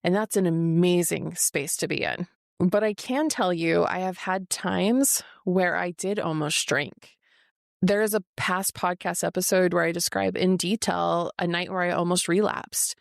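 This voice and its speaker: A woman in her forties hosts her own podcast from an office, speaking frankly and confessionally in a solo monologue and swearing freely. Her voice is lowish and gravelly, with fairly even intonation and a measured pace. The recording is studio quality, with no room sound.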